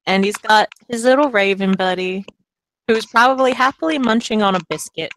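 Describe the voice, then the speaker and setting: A woman's voice: a little high, normal speed, rough recording. A woman at a tabletop game describing her character in a casual, hesitant, rambling way. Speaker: player. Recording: mic with clear background hiss.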